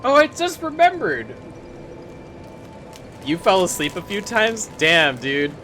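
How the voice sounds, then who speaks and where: A young adult streamer ranting casually while playing a video game, swearing freely and breaking into loud bursts of laughter. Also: medium pitch, wildly swooping pitch, takes it slowly, faint music behind. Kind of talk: casual rant while gaming.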